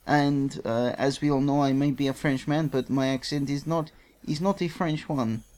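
A man co-hosting a podcast with a mock-formal deadpan manner. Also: medium pitch, normal speed. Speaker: podcast co-host. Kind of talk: casual podcast chat.

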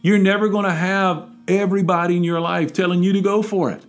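A man's voice: high-pitched, steady tone, fairly quick. A man preaching a devotional podcast sermon, exhorting and emphatic, building to urgent peaks.

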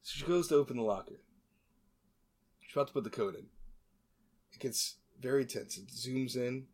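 A man in the host's chair walks his co-hosts through a movie's plot, loose and chatty. He jokes as he goes, trips over his words and circles back with little asides. His voice sits at an ordinary middle pitch for a man. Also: normal speed. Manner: joking, rambling, many asides and restarts. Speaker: podcast host. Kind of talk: casual comedic movie recap.

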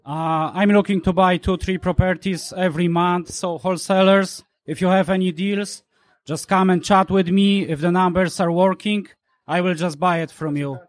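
A local investor introducing himself at a meeting, hesitant and soft-spoken with fillers. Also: male voice, high voice, fairly even intonation, normal speed, no room sound. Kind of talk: quick self-introduction.

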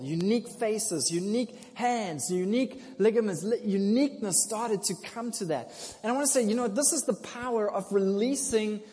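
A man preaching a sermon. He swings from hushed to loud, laughs often, and. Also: high-pitched. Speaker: pastor. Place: church hall. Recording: long hall reverb.

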